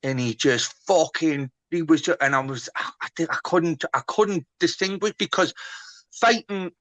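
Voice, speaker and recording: A man's voice: fairly high pitch, normal speed, a bit bright, no room sound. A man from northeast England hosting a casual livestream chat from his kitchen, sweary and rambling with many restarts.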